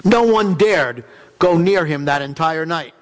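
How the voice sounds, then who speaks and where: In a church sanctuary, a man preaches a first-person sermon in character as a biblical figure, telling the story dramatically and emphatically. His voice is fairly high and measured in pace. The hall is reverberant.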